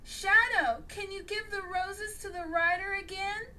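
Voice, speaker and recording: A woman's voice: very high-pitched, fairly even intonation, a little slow, pushed and bright, pitched above the performer's own voice, heavily acted. A woman reading the part of a young alien princess, commanding and defiant, in a storybook.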